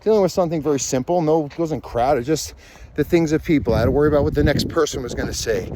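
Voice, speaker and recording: Dog trainer vlogging outdoors; slightly high male voice, loose and rambling, thinks out loud, handheld camera. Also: quick pace, slight background noise. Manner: rambling, thinking aloud with many fillers and restarts. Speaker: dog trainer and podcast host. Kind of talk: casual rambling talk while walking outdoors. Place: forest trail outdoors. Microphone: handheld camera, selfie framing.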